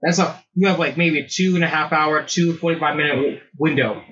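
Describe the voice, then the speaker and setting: A man's voice: fairly high pitch, brisk, a bit bright. A man co-hosting a podcast in casual chat, laid-back and opinionated. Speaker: podcast co-host. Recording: dull lo-fi sound.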